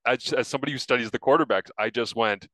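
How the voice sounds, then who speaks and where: A man hosting a casual football talk show, upbeat and chatty and quick to laugh. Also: medium pitch, sharp tone, no room sound, low-quality recording. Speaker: podcast host and football analyst. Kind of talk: casual sports chat.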